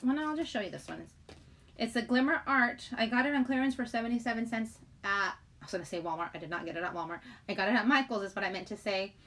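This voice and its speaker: A woman's voice: on the high side, animated, fast, fairly bright tone. A middle-aged woman hosting a casual livestream, chatty and giggly, rambling as she greets viewers in the chat. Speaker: livestream host.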